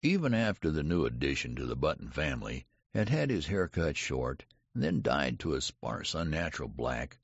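An audiobook narrator reads a scripted story in a measured, deliberate way, his very low voice gravelly and husky. He's very animated, his pitch swinging widely and lifting for characters' lines. The sound is dry and slightly dull, with no room sound.

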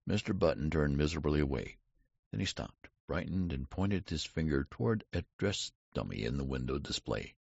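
A man narrates a story in a very deep, creaky, husky voice, his pitch rising and falling with lively expression. The recording is dry and a little dull, with no room sound. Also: moderate pace, dry recording. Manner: lively, character-voiced reading. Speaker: audiobook narrator. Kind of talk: scripted narration.

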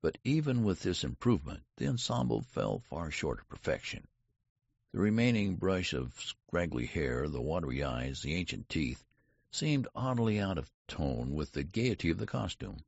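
A man reading a story aloud as an audiobook narrator, measured and deliberate, with small shifts of voice for the characters. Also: extremely low pitch, sing-song, vocal fry, darkish tone, dry recording, muffled recording. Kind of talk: scripted narration.

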